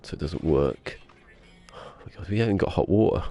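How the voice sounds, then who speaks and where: Low, mellow, and animated, this man talks fairly quickly over faint background music. He's streaming a game from a small room at home, sniffling from a cold and chattering casually with rambling, jokey self-talk.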